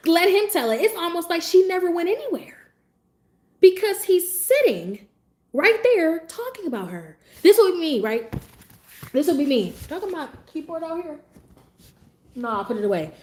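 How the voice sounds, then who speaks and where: High, lively sassy woman streamer. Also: moderate pace, pauses often. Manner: sassy, animated, laughs often while telling stories. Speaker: livestreamer. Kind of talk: casual livestream storytelling.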